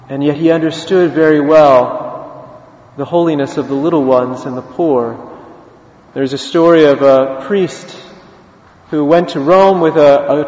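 A man's voice: a little high, darkish tone, reverberant, big-room sound, lo-fi sound. A man preaching a sermon in a church, telling a story in an easy, conversational way.

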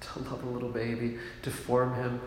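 A man of middle pitch preaches a homily in a soft, reflective way, taking his time and laughing quietly now and then. His voice rings through a very reverberant hall with a long echo tail. A faint hum of room noise sits underneath. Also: monotone, normal speed. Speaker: priest in a monastic order. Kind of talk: sermon.

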